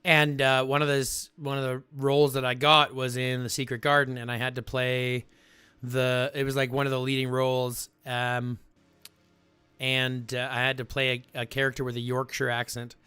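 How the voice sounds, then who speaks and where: A man hosting a livestream, chatting casually with viewers in a rambling, animated way full of fillers. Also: medium pitch, normal speed, clean tone, dry recording. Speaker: livestream host.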